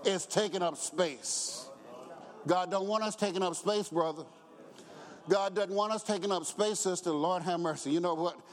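A man preaching a sermon as a pastor, building from talk to shouted appeals and acting out scripture voices. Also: high-pitched, normal speed, in a large hall. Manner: rising to shouted preaching, acts out quotes, chuckles.

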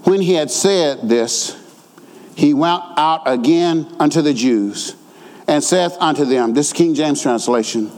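A high-pitched man preaches a sermon, his voice ringing out with a long reverb as if in a big hall. He jumps between fast conversational asides and shouted, almost sung lines, often repeating words for weight.

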